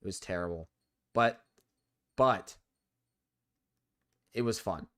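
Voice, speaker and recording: A man's voice: deep voice, takes it slowly, a bit bright. Sick young man swearing while streaming. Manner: frustrated, swears constantly. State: sick with a cold. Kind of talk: live gaming stream commentary.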